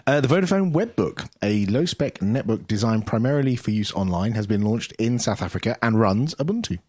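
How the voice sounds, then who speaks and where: A man chatting on a podcast, joking and laughing between news items. His voice is fairly low and recorded close and dry. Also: animated, brisk, a little mellow, no room sound. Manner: jokey, laughs often. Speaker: podcast co-host. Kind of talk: casual chat.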